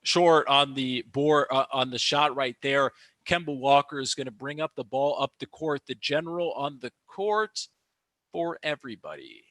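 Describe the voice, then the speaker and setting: This young man's mid-range voice, free of echo, carries excited play-by-play and reaction commentary on a basketball live stream. Animated and quick to rant about calls, he fills his talk with fillers and restarts.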